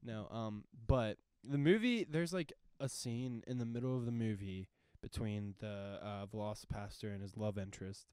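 A man's voice: on the low side, moderate pace, hardly any pauses, darkish tone, clean tone, dry recording. Young man rambling about a movie. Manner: rambling, lots of "like", acts out quotes. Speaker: podcast host. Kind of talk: casual movie chat.

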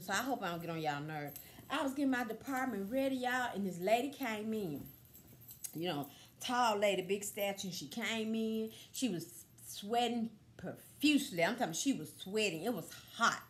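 A middle-aged woman chatting casually to viewers about a thrift haul, straightforward and full of stories and exclamations. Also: a little high. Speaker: vlogger showing a thrift haul.

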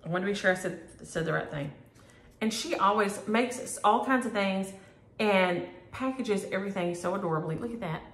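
A middle-aged woman, chatting homey and warmly to her viewers about stitching and mail. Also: mid-range voice, moderate pace. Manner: homey, chatty, uses y'all. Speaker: flosstube host. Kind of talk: casual chat to camera. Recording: echoey room.

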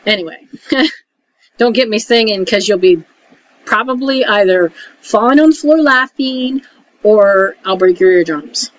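A woman talking casually to camera, giving frank advice and often checking in with a quick "okay?". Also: mid-range voice, animated. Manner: chatty, keeps checking in with "okay?"; frank, mildly salty. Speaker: emotional support vlogger. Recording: dull lo-fi audio with faint hiss.

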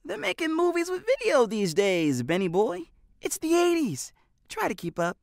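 A man voicing a quiet, understated teenage boy with dry humor in an audiobook. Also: very high-pitched, huge pitch swings, moderate pace, creaky, no room sound, pitched above the performer's own voice, exaggerated voice. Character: quiet, dry-witted teen boy hero.

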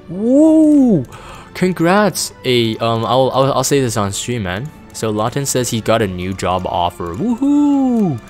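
A man casually chatting on a live stream, reading chat aloud and rambling with plenty of fillers. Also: mid-range voice. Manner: reads chat aloud, rambling and laid-back with many fillers.

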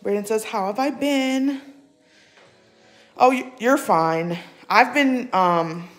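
A woman's voice: fairly high pitch, slow. A woman vlogging casually at home, chatting with her live viewers, reading their comments aloud and talking to her cat. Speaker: livestream vlogger. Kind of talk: casual live-chat vlog. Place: at home indoors.

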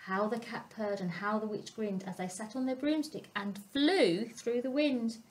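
A woman storyteller reading a picture book aloud to young children, expressive and asking them questions. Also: on the high side, moderate pace. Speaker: family centre storyteller.

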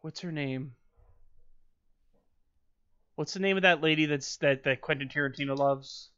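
A man's voice: a little high, measured pace, fairly bright tone, clear, resonant tone. Wry man on a dull lo-fi mic. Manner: wry, meandering. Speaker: podcast co-host. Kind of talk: casual chat.

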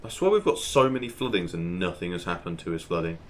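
Low-voiced man narrating his gameplay. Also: fast, a little hiss or hum. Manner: chatty, talks to himself while playing, excitable exclamations. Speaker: gaming channel host. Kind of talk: casual gameplay commentary.

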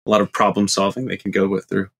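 A man co-hosting a podcast in casual chat, relaxed and chatty, often giving small affirmations. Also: low-pitched, fast talker, gravelly, slightly rough. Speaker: podcast co-host.

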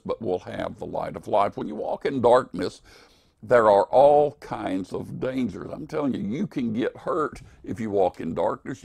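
An older man preaching an evening devotional in a slow, earnest, emphatic way. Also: fairly low pitch, vocal fry, darkish tone, dry recording, clean studio sound.

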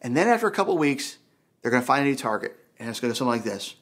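A pastor preaching a sermon in an animated, conversational way, full of rhetorical questions. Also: male voice, medium pitch, racing, breathy edge. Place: church.

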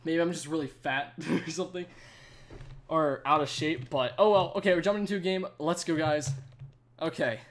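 A man's voice: a little high, moderate pace. A young man streaming a game live, out of breath and chatting in a rambling way full of "like". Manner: rambling, chatty, says "like" a lot. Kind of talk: casual live stream chat.

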